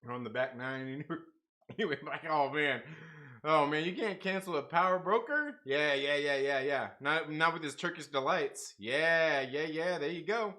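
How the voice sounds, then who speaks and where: A young man hosting a casual livestream, reading chat and laughing often as he swings between loud outbursts and low asides. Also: normal speed.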